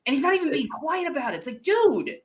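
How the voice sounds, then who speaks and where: A man co-hosting a movie review podcast, ranting in an animated, exasperated way with plenty of swearing. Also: very high-pitched, fast. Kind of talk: casual movie review chat.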